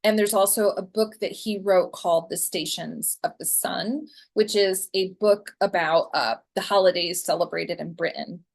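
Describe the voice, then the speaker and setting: A woman's voice: on the low side, fairly even intonation, normal speed, gravelly, few pauses. A woman in her forties giving a conversational lecture as a guest speaker, chatty and loose, with frequent ums and small restarts. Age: 40s.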